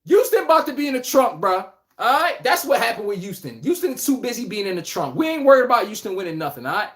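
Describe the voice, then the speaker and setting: Animated trash-talking man, lively pitch. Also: fast talker. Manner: addresses chat viewers by name. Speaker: podcast host. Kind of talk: casual live sports talk.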